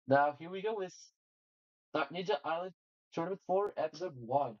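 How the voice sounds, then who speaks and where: A hoarse man streaming live, commentating on competition videos in an excitable way and often restarting his sentences. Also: a little high, muffled recording.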